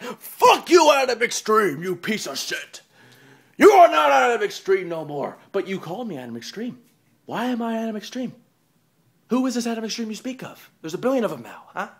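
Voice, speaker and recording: Taunting man with a lively, swinging voice. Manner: taunting and profane, swinging between loud jeers and low mutters. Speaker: online wrestling promo host. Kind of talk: profane wrestling-style promo rant.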